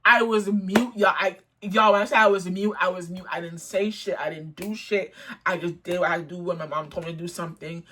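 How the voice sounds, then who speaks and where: A woman's voice: fairly low pitch, fairly bright tone, a little hiss or hum. A young woman telling a storytime vlog in a blunt, profane, indignant way. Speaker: storytime vlogger.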